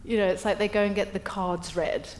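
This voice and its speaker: Brisk and medium-pitched, a middle-aged woman gives a humorous breakfast-event speech built on self-deprecating stories. She keeps it lively and acts out the quotes, recorded in an echoey hall.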